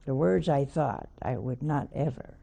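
A woman's voice: rumbling low, a little slow, gravelly, warm tone, slightly rough. An older woman, a nun, preaching a sermon by telling a homely story with wry asides.

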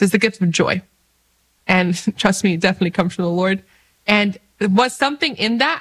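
A woman giving an upbeat, casual faith talk to camera, laughing often and slowing down earnestly for prayers. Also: mid-range voice, a bit bright, low-quality recording. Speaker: Catholic faith vlogger.

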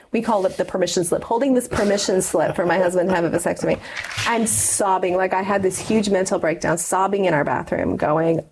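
A woman's voice: lowish voice, a little mellow, slightly rough, rough recording. Earnest woman telling a personal story. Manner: earnest storytelling, many fillers and restarts. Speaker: guest. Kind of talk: personal testimony in an interview.

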